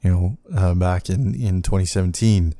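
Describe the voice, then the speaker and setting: Man, very low voice, dark tone, dry close mic, halting reflective monologue. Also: no room sound. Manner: halting and reflective, many restarts. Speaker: podcast host. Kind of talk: personal podcast monologue.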